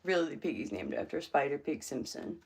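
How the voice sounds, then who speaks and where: A woman's voice: deep voice, lively intonation, fairly quick, a little hiss or hum. A woman hosting a casual livestream just after waking up, rambling along with lots of fillers and restarts. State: just woke up. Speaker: livestream host. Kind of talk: casual chat. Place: home room.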